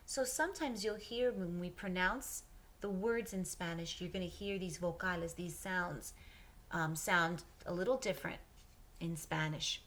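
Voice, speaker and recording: A woman leads a children's Spanish lesson at an unhurried, deliberate pace. Her voice sits a little low. She switches between English and Spanish and stops after each word so the class can repeat it. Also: a bit bright. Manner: patient, pauses for repetition. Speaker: Spanish teacher. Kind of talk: slow drill lesson for children.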